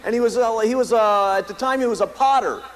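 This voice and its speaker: High-voiced American man giving a pep talk. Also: brisk, rough recording. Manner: emphatic and repetitive, storytelling. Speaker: company founder speaking at a meeting. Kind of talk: motivational speech to a live audience. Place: meeting hall with an audience.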